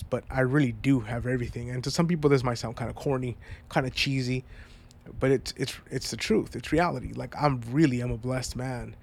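A man's voice: mid-range voice, gravelly. A congested man talking earnestly and reflectively in a personal vlog, rambling and heartfelt. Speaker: vlogger.

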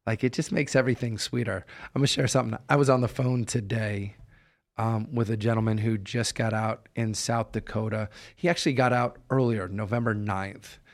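A man's voice: on the low side, steady tone, brisk. A man hosting a heart-to-heart interview, telling stories in an earnest, upbeat way. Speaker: podcast host.

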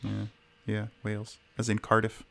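A man's voice: lowish voice, completely flat delivery, normal speed, gravelly, a bit bright. A man co-hosting a podcast, telling stories in a wry, joking casual chat. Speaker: podcast co-host.

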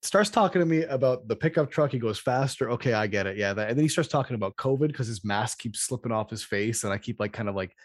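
A man hosting a casual podcast, telling a rambling, profane story in an animated way. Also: medium pitch, fast talker, few pauses, dry recording, clean studio sound.

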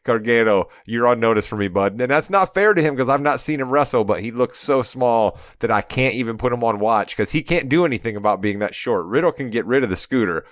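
A man co-hosting a casual podcast about wrestling over a remote call. He talks in an animated, joking way and wanders off into long asides. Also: medium pitch, a little fast, hardly any pauses, dry recording, clean studio sound. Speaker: podcast co-host.

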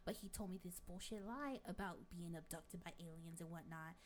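A woman's voice: on the low side, normal speed, slight background noise, natural voice. A woman playing a brash, crude middle-aged gossip in a comic sketch, rambling through a story with plenty of swearing. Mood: brash, gossipy. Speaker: guest.

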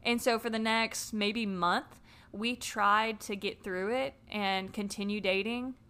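A woman telling a personal story in a casual podcast chat, animated and swearing freely. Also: mid-range voice, slow, clean tone.

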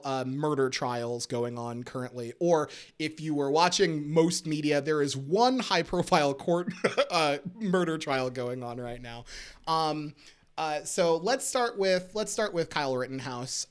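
Lively, swearing podcast host. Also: medium pitch. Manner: animated, swearing, laughing often. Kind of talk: casual podcast chat.

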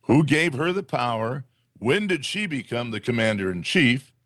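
A man co-hosting a casual political talk show, animated, with mocking asides. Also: mid-range voice, moderate pace, no room sound, studio quality. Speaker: podcast co-host.

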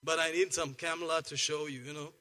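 A man delivers a sermon in a high, bright voice. He jokes and muses quietly, then bursts into loud, rousing exclamations. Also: a little fast. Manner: lively, jokey, swings from soft asides to loud exclamations. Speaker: pastor.

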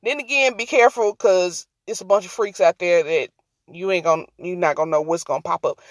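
A woman's voice: on the low side, fairly quick, no room sound. A woman giving casual, brash commentary on a vlog, scolding and joking, then talking herself down. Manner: sassy, brash, talks to herself to calm down. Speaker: vlogger.

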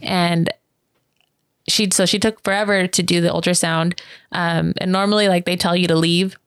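Woman, casual storyteller, animated, plays the quoted voices, dry mic. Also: moderate pace, smooth, dry recording. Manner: animated, many fillers like "like" and "um"; acts out quoted voices with sharp pitch jumps. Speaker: interview guest.

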